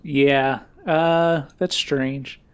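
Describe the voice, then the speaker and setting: A man's voice: medium pitch, fairly even intonation, drawn-out words, clean tone. A man co-hosting a podcast, chatty and telling stories, laughing often. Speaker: podcast co-host. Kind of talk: casual chat.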